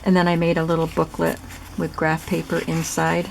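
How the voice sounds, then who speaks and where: A woman with a lowish, gravelly voice talks through a craft project in a relaxed, chatty way, explaining each step as she goes. The recording carries clear background noise and clicks. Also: normal speed. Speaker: craft channel host. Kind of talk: casual crafting demonstration.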